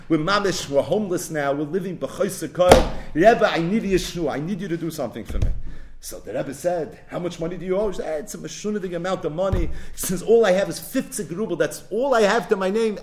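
A man's voice: a little high, a little hiss or hum. A man teaching a Torah lecture, telling a midrash dramatically, acting out the quoted speech with rising intensity and weaving Hebrew and Yiddish phrases into his English.

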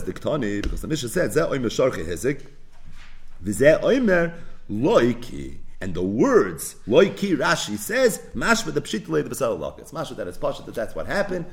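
Animated fast-talking man teaching Talmud. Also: mid-range voice. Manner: animated, rhetorical questions, mixes Yiddish and Hebrew terms. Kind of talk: daf yomi Talmud lecture.

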